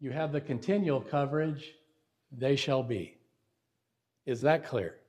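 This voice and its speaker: A man's voice: mid-range voice, measured pace, darkish tone, slightly rough. A male preacher giving a Bible lesson in sermon style, emphatic and often asking the audience rhetorical questions. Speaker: preacher teaching Bible syntax.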